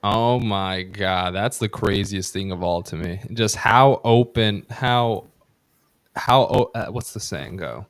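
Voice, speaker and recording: A man's voice: lowish voice, takes it slowly, no room sound. A man hosting a casual political podcast, heated and profane, rambling with restarts on a close mic. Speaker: podcast host.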